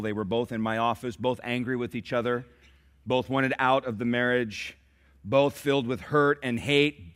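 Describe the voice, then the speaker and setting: Here a male pastor works through stories in his sermon, calling on the congregation to answer back. He speaks in the mid-range with a slightly bright quality.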